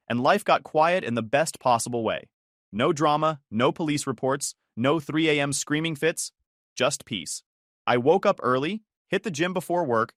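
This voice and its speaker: A man's voice: a little high, a bit bright, no echo, clean studio sound. A man narrating a first-person story in a scripted, dramatic way.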